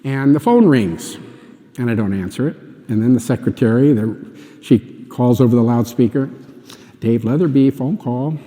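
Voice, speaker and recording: Man, mellow tone, earnest and emotional personal testimony storyteller, long hall reverb on the recording. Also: medium pitch, lively intonation, normal speed. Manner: earnest, emotional, acts out dialogue. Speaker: speaker giving a faith testimony.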